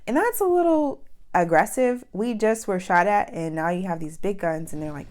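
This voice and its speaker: A young woman from New York telling a personal story in a casual vlog, animated and full of "like" fillers as she acts out what people said. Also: mid-range voice, moderate pace. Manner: animated, with many "like" fillers and acted-out quotes. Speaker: vlogger.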